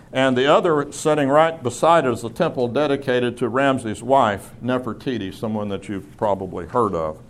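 A middle-aged man leads a Bible class in a classroom. His pitch sits in an ordinary middle range, and he talks conversationally, with fillers and restarts.

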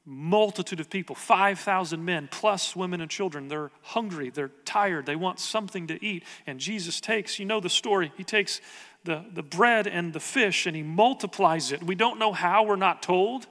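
A man's voice: sits high, moderate pace, fairly bright tone, long reverb tail. A man preaching a sermon as pastor, earnest and conversational, asking the congregation rhetorical questions.

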